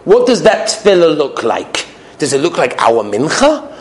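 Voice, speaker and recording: Male preacher: high voice, swoops widely, emphatic rhetorical style. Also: normal speed. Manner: animated, rhetorical questions, emphatic repetition. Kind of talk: sermon with storytelling.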